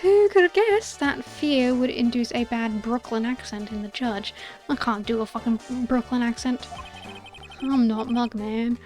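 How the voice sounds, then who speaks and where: A woman's voice: a little high, measured pace, a little mellow, faint music behind. A young woman streaming a game, casually reading out its dialogue and swearing between lines.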